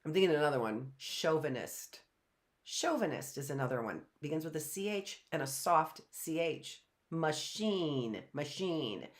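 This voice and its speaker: A middle-aged woman with a low, animated voice teaches a live online phonics lesson. She patiently asks questions and sounds words out slowly.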